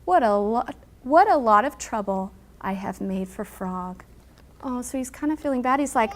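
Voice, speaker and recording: A woman teacher reading a picture book aloud to her class, acting out the characters' lines with animated emphasis and pausing to explain. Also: fairly high pitch. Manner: animated storyteller, acting out character lines with big loud pushes.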